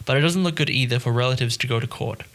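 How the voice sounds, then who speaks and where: A man's voice: medium pitch, fast, fairly bright tone, natural voice. A man voicing a moralizing seal cutter who tries to keep the peace, speaking in an admonishing way. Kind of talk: audiobook character reading.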